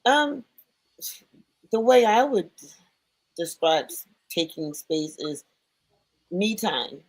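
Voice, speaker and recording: Casting: woman panelist, slow and thoughtful, lowish voice, dry sound. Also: very animated, dry recording, rough recording. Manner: slow, reflective, restarts words. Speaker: panel guest. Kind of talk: casual panel chat.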